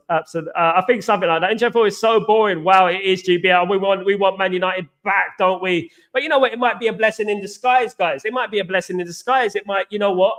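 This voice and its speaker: Quick and steady, with a high, fairly bright voice, a man from East London, England runs a casual football fan show on a live stream. He tends to repeat himself, reads viewers' comments out loud and leans heavily on the word "absolutely."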